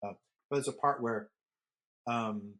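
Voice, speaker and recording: List: man, middle-aged, podcast co-host, rambling storyteller, casual chat, mid pitch. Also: unhurried, a bit bright.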